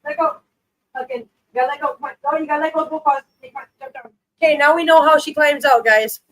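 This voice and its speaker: A woman's voice: high voice, fast talker, a bit bright, low-quality recording. A woman hosting a casual live stream who chats with viewers, laughs often and coos baby talk at her cats.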